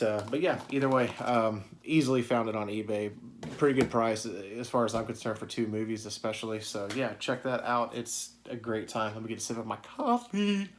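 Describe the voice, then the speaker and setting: Rambling, swearing man reviewing movies. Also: fairly low pitch. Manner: rambling, profane, many fillers. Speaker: video host. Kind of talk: casual collection review.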